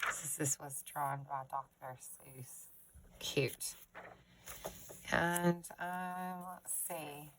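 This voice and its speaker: A woman's voice: low voice, extremely slow, fairly bright tone, a little hiss or hum, low-quality recording. A woman crafter chatting casually as she shows off her book collection, gushing and giggling, recorded on a phone. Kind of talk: casual show-and-tell chat.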